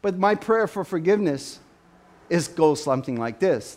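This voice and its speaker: A man preaching a sermon to his church, with an animated style that rises to loud, emphatic questions. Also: a little high, fairly quick. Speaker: pastor.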